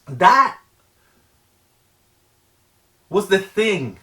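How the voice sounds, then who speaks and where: A middle-aged man with a high-pitched voice speaks in an earnest, pleading way. He hammers home points through heavy repetition and often trips over the start of a phrase before pushing on. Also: very animated, pushed and bright. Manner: earnest, emphatic, heavily repetitive; halting restarts. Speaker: vlogger. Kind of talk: motivational monologue.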